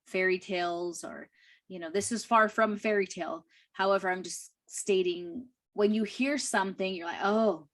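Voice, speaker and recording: Slow-speaking woman teaching a language lesson. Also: medium pitch. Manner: slow, careful, with fillers and soft laughs. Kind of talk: slow classroom reading and explanation.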